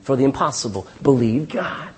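Husky, lively middle-aged preacher man. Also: medium pitch, normal speed. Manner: calls out "Amen?" to the congregation, lively storytelling with restarts. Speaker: pastor. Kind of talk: sermon.

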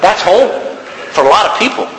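A male preacher with a high, bright voice that swings widely as he drives his points home and calls out for an "amen." He speaks in a church, with a long reverb and faint background noise behind him. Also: very animated, fairly quick. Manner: emphatic, call-and-response. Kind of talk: sermon.

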